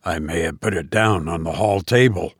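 An eccentric Victorian scientist mutters to himself in a low, flustered voice, as a male narrator plays him. He sounds nervy and absent-minded. The room sounds dry. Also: normal speed, husky, no echo. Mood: worried.

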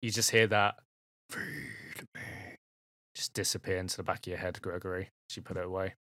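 A man's voice: sits low, fairly even intonation, very fast, sharp tone, no echo. A man narrating a tabletop game as game master, in a loose, chatty way with lots of fillers.

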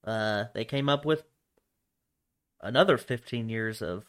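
A man's voice: lowish voice, measured pace, clean tone. A young man co-hosting a podcast in casual chat, rambling and profane, laughing often between thoughts. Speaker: podcast co-host.

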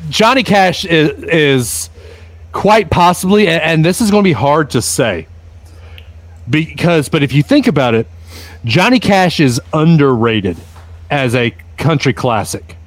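A man co-hosting a casual talk show, animated and halting as he talks. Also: a little high, no room sound. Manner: animated, halting, restarts a lot. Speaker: co-host. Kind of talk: casual chat.

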